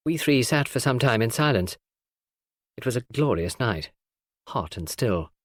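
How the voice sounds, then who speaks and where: A man narrating a classic novel in a measured storytelling read. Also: medium pitch, expressive, no room sound, clean studio sound. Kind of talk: audiobook narration.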